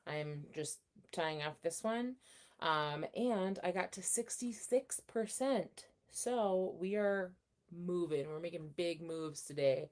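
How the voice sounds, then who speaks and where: A young woman hosting a casual livestream, chatting and reading out viewer comments in a rambling, friendly way. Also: lowish voice. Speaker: livestream host. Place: home room.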